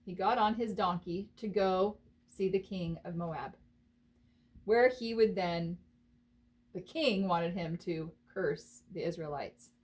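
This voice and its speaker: A woman with a medium-pitched voice teaches a children's Bible lesson, telling the story animatedly and expressively while asking her listeners questions.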